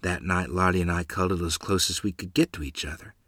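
Husky-voiced man narrating a memoir. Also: sits low, fairly even intonation, fairly bright tone, dry recording, clean studio sound. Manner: earnest, measured storytelling. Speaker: storyteller. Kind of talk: first-person memoir narration.

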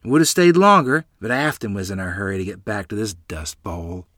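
A fretful country mother with a raised, pleading tone, as a male narrator puts her on. The voice climbs well above a man's usual register and stays lively and bright. It sounds close and dry, with no room around it. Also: fairly low pitch, moderate pace, no echo. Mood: relieved. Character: worried rural mother, middle-aged woman.

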